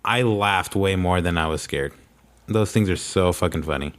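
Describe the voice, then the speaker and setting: A man's voice: low voice, normal speed. A young man co-hosting a podcast, chatting casually in a laid-back, rambling way full of "like"s. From Mexican-American upbringing. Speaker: podcast co-host. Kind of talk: casual chat.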